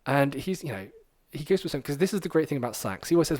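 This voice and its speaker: A man hosting a podcast, telling a story in a rambling, animated way with lots of fillers. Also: on the high side, rapid-fire, dry recording. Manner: rambling and animated, many fillers, acts out quoted lines. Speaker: podcast host.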